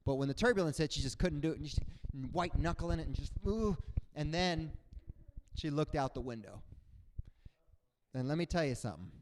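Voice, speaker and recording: This is a young adult man performing stand-up comedy. His voice sits high, and his pitch roams over a wide range as he tells his stories. He is animated and slips into loud, high voices for the people he quotes. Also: a little fast, pauses often. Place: comedy stage before a live audience.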